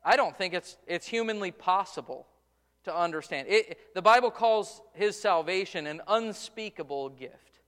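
A man's voice: sits high, expressive, normal speed, fairly bright tone, big-room sound. A man preaching a sermon in a church sanctuary, stressing his points and often repeating words as he goes. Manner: preaching with rising emphasis and frequent repeated words. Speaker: pastor.

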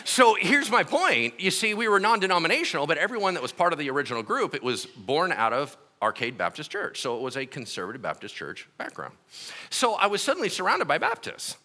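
Middle-aged male pastor, bright and animated storyteller, fairly high voice. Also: fairly quick. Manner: animated, acts out quotes with shouts and laughs. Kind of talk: sermon storytelling.

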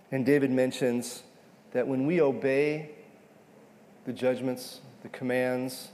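Man preaching with a gravelly voice. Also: mid-range voice, darkish tone, slight background noise. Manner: conversational, repeats "okay?" often. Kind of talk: sermon teaching on a psalm. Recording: long hall reverb.

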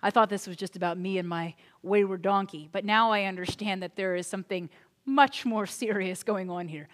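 A woman voicing a sheepish man who talks low and hurriedly as he apologizes. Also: normal speed, lightly acted. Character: sheepish male seer backing down, low voice.

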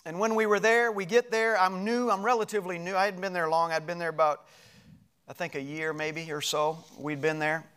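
A middle-aged male pastor telling a personal story in a sermon, animated and moving between loud passages and hushed ones. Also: high-pitched, brisk, clean tone.

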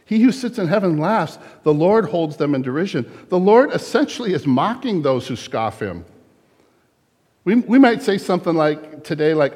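A middle-aged man preaches to his congregation in a casual, conversational way, slipping into little acted asides now and then. His voice sits a bit high for a man. The sound carries a long reverb from the church hall. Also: lively intonation, brisk, a little mellow. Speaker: pastor. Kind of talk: sermon.

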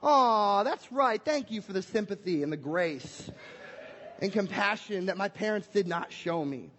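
A young adult man preaching a lively family Christmas sermon in a church hall, playful and energetic as he acts out little scenes. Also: high-pitched, unhurried. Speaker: pastor. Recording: echoey hall with long reverb.

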